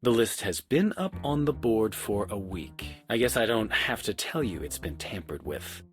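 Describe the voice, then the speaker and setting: A man voicing a calm, wry asylum inmate in a video game, matter-of-fact in his explanations. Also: lowish voice, normal speed, close to an everyday voice. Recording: game audio with faint music.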